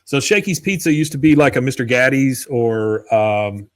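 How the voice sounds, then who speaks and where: A man co-hosting a podcast, his voice sitting at an ordinary middle pitch. He retells a cartoon episode in an easygoing, chatty way. He slips into the characters' lines as he goes. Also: animated, moderate pace. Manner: laid-back storyteller, acts out quoted lines. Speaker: podcast co-host. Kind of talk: casual chat recapping an episode.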